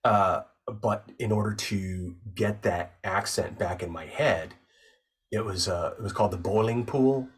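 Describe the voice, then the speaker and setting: A man who works as a voice actor and narrator, a guest on the show, calmly and thoughtfully explaining his craft step by step in casual conversation. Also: on the low side, a little slow, breathy edge, recorded from a distance. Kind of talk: casual interview chat.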